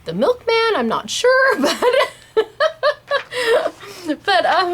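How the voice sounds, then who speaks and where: A woman hosting a casual craft tutorial, chatty and bubbly and quick to laugh. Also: extremely high pitch, huge pitch swings, a bit bright, slight background noise. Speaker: host of a scrapbooking shop channel.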